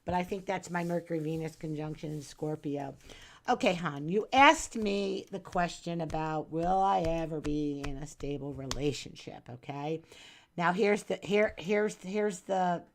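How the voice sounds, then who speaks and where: Chatty woman with a low voice. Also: measured pace. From New Jersey. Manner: chatty, folksy, calls the viewer hon and doll. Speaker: astrologer reading a viewer's chart on a live stream. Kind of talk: casual live-stream reading.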